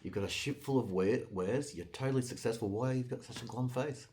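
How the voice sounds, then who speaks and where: A man's voice: mid-range voice, brisk, a little mellow, pitched above the performer's own voice, lightly acted. A man voicing a sly, knowing old stranger with a raised, elderly voice in a fairytale reading. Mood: curious.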